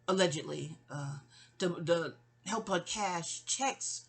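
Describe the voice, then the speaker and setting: A woman's voice: fairly low pitch, slow pace, slightly rough. A woman, telling her life story in a rambling, digressive way, often breaking off and circling back. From New York City. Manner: digressive, self-interrupting, sighing asides. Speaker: memoir narrator.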